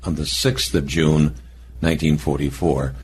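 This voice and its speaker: A man's voice: rumbling low, fairly even intonation, normal speed, a little hiss or hum. A man interviewing an older guest, prompting him with short questions and background facts. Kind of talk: oral history interview.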